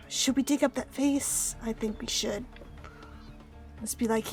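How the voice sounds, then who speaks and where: A woman's voice: a little high, steady tone, slow pace, pauses often, soft background music. A woman streaming a game playthrough, reading the on-screen text aloud with playful, laughing asides.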